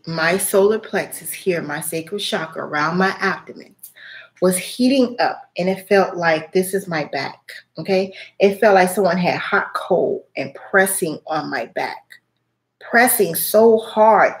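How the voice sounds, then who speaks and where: A woman's voice: mid-range voice, moderate pace. Candid, chatty woman telling a story. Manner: candid, swears freely, chatty with fillers. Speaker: spiritual reading channel host. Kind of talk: casual storytelling vlog.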